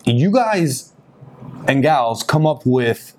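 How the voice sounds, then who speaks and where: Male podcast host, loose and animated, filler-heavy, quick to laugh. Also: mid-range voice. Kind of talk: casual podcast chat.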